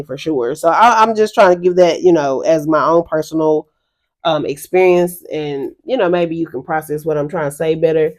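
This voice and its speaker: A woman's voice: lowish voice, darkish tone. Chatty woman giving a spiritual reading. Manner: rambling, chatty, laughs often; addresses viewers as y'all. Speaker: spiritual reader. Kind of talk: casual spiritual reading to viewers.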